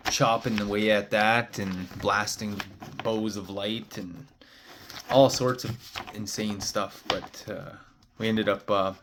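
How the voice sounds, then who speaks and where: A spiritual card reader tells a meandering story in casual talk, filling it with "uh" and "like." His voice is fairly low in pitch, and there is heavy background noise.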